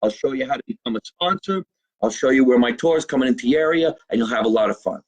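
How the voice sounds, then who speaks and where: A man's voice: mid-range voice, animated, fast, lo-fi sound. A middle-aged man, a comedian hosting his own live show from a home basement, talking casually, swearing, and plugging his channels. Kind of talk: casual live-stream monologue.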